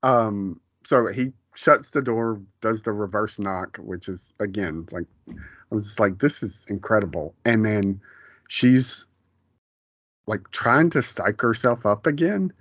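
A man in his forties with a fairly low voice rambles through a casual podcast chat, breaking off mid-sentence and chuckling at his own retellings. The sound is close and dry, a little muffled. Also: unhurried, fairly bright tone, no room sound. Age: 40s. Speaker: podcast co-host.

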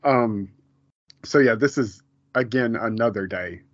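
On a laid-back home podcast about a TV show, a co-host with a voice on the low side talks at a measured pace, rambling, restarting and laughing often. There is no room sound, and the audio is dull and lo-fi.

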